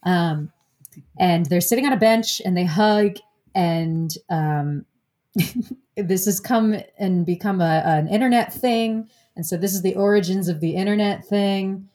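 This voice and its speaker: A woman's voice: medium pitch, unhurried, mellow. A woman hosting a podcast in casual chat, giggly and rambling. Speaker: podcast host.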